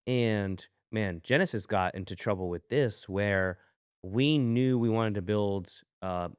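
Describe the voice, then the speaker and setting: Male podcast co-host, business owner, low register, smooth tone, reflective coaching delivery, dry close mic. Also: unhurried, dry recording. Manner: reflective, coaching tone with rhetorical questions. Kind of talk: casual business podcast talk.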